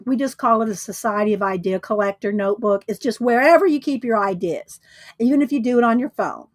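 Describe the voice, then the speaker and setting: A woman's voice: fairly high pitch, fast, no echo. A woman hosting a casual livestream, chatting, greeting viewers and laughing often. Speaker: livestream host.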